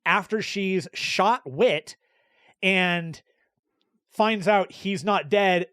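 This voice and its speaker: A man's voice: high voice, extremely slow, clear, resonant tone, no echo, clean studio sound. A man co-hosting a podcast who animatedly retells film scenes and stories in casual chat. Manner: animated storyteller, laughs while retelling quotes. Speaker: podcast co-host.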